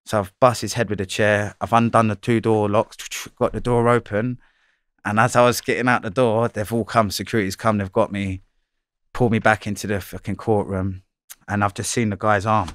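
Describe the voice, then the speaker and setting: Male, low and even delivery, candid storyteller, swears freely, dry close recording. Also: moderate pace, no room sound. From London. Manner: blunt, swearing, slangy, repeats himself. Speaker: interviewee.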